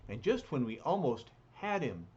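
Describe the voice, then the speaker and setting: A man's voice: mid-range voice, sing-song, moderate pace, a little mellow, highs cut off, a little hiss or hum, close to an everyday voice. A man voicing a stern male team leader from a comic, giving firm, clipped orders.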